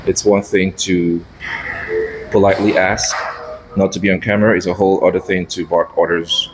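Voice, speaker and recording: A man's voice: low-pitched, flat delivery, normal speed, noisy background. A man arguing insistently while filming inside a building, recorded on his own camera. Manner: argumentative, insistent. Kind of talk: confrontational exchange.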